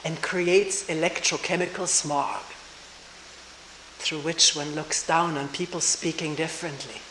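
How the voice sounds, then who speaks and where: Older woman, retreat teacher, unhurried and reflective, roomy old recording with faint hiss. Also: deep voice, steady tone. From Germany. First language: German. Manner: slow, thoughtful, pausing, soft laughs.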